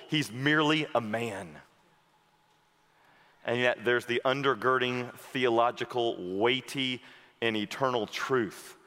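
A male preacher giving an expository sermon, dramatic, acting out the Bible figures and swinging from loud outbursts to hushed tones. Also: mid-range voice. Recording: long hall reverb.

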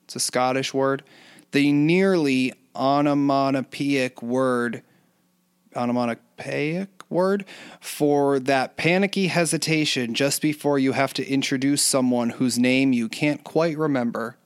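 A man co-hosting a casual chat, talkative and quick to laugh, who spells out words letter by letter. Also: medium pitch, smooth, dry recording, clean studio sound. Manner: chatty, laughs often, spells words out slowly. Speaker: podcast co-host.

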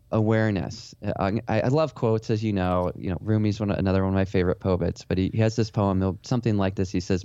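A man's voice: fairly low pitch, warm tone, no echo, lo-fi sound. A man who is a portrait photographer, answering interview questions in an earnest, rambling way with many restarts.

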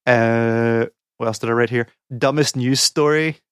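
A man's voice: medium pitch, fairly even intonation, unhurried, fairly bright tone, smooth, dry recording, clean studio sound. A young man, a podcast co-host, rambling and ranting in exasperation with lots of fillers. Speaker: podcast co-host, game academic. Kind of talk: casual podcast chat.

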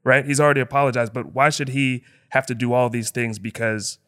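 A man co-hosting a casual podcast talks things through in a relaxed, conversational way, often checking in with his listeners. His voice is at a middle pitch for a man. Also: a little fast. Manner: conversational, reasoning aloud, frequent "right?". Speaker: podcast co-host.

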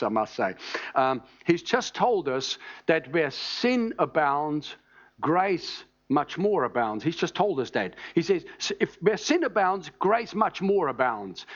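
A high-pitched man delivers a sermon, teaching with emphasis and pausing to check in with his listeners. The recording sounds dull and muffled. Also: fairly bright tone. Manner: emphatic, teaching, asks "All right?" often. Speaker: preacher.

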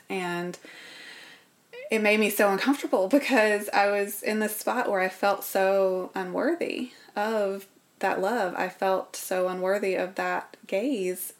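A woman's voice: medium pitch, a little slow. A woman, speaking as an interview guest and telling a personal story in an earnest, reflective way. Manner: earnest, reflective, drops to a whisper at painful moments.

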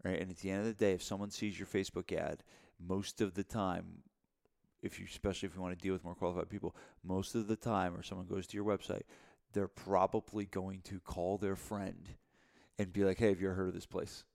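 A man's voice: low voice, level tone, fairly quick, creaky, darkish tone. A man co-hosting a podcast, talking casually about running a gym, rambling and repeating himself with lots of "you know" fillers. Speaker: podcast co-host, gym owner.

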